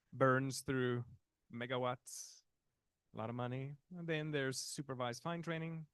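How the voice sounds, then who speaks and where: A man instructs a live technical workshop at a conference, chatting casually and using fillers and restarts. His voice is medium in pitch, and there is no echo.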